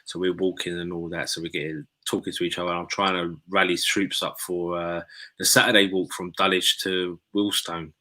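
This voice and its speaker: A man's voice: low-pitched, flat delivery, normal speed, bright, forceful tone. A man hosting a casual chat, encouraging and rambling with restarts. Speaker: host.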